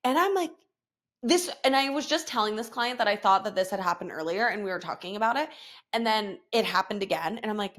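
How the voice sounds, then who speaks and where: A woman's voice: mid-range voice, animated, a little fast, fairly bright tone. A woman in her thirties hosting a podcast, chatting frankly with frequent swearing and laughter. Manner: frank, profane, laughs often. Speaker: podcast host. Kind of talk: casual confessional chat.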